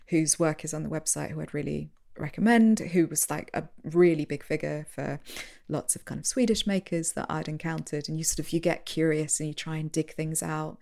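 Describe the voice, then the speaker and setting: A chatty woman talking about her curating work in a relaxed interview. Her voice sits on the lower side, and she gets animated, laughing as she makes her points. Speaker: radio curator. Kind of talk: casual interview conversation.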